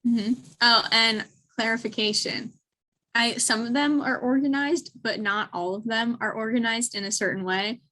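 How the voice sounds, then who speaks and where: A middle-aged woman with a fairly high voice joins a casual podcast over a video call. She coaches and directs in a brisk, bossy way and laughs often between her lines. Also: steady tone, sharp tone, low-quality recording. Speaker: podcast guest. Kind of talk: casual chat.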